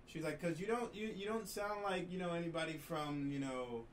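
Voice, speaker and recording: A man from New Jersey co-hosting a podcast, telling stories in a lively, animated way and acting out the people he quotes. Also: fairly high pitch, normal speed, a little hiss or hum. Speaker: podcast co-host. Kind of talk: casual chat, storytelling. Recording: roomy distant mic, faint ambience.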